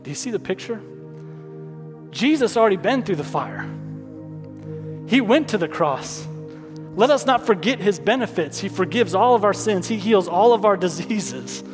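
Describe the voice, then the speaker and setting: A man's voice: sits high, big pitch swings, normal speed, pauses often. A man preaching a sermon as pastor, calling out to the congregation and repeating lines for emphasis. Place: church hall. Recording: long hall reverb, soft music behind.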